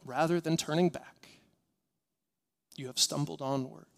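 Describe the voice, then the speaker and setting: Male pastor, sermon; earnest, repetitive cadence, hushed to fervent, slightly high-pitched. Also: steady tone, a little slow, vocal fry. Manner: earnest, rhythmic repetition, swinging from hushed to impassioned.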